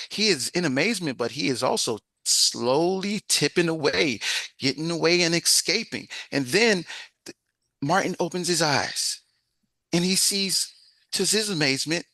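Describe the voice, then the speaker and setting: A man presiding over a club meeting with a bright, ringing tone. He tells a story with lively pacing and stumbles over a few words. The sound is close and dry, with no room echo. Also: fairly high pitch. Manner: lively storyteller with small restarts. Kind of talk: casual meeting chat and joke telling.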